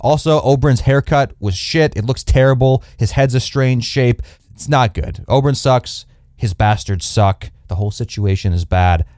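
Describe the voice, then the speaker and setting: A man's voice: medium pitch, moderate pace, a little mellow, no echo. Blunt rambling man, dry mic. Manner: blunt, rambling, sarcastic, swears casually. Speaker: podcast co-host. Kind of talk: casual podcast chat.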